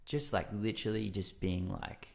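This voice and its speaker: A man with a lowish, creaky voice speaks at a normal pace as a podcast guest. He tells stories casually and loosely, rambling with plenty of fillers. He's a lively storyteller who acts out his own reactions along the way.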